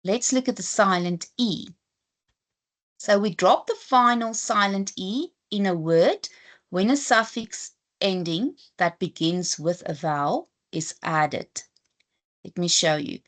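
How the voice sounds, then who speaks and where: A woman with a mid-range voice and a South African accent teaches English at a slow pace. She gives a patient spelling lesson, saying the letters one at a time in a deliberate classroom manner.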